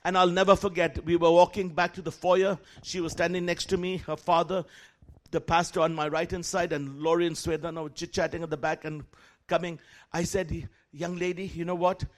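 A man's voice: on the high side, fairly quick. A man preaching in church who tells a dramatic story, acting out the voices and calling out to the congregation. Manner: animated, acts out the voices in his story; calls out to the congregation. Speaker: guest preacher. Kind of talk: sermon storytelling.

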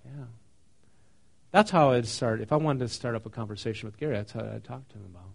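A man's voice: mid-range voice, quick pace, vocal fry, husky. Conversational man preaching a sermon. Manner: conversational, asks the congregation questions; reads scripture then explains it casually. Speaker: pastor.

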